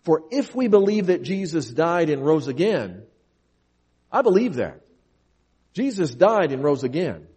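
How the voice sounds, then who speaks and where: A man's voice: on the high side, big pitch swings, measured pace, pauses often, dark tone, slightly rough. A man preaching a sermon, reading scripture aloud and driving his points home with earnest, emphatic repetition. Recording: long reverb of a large hall.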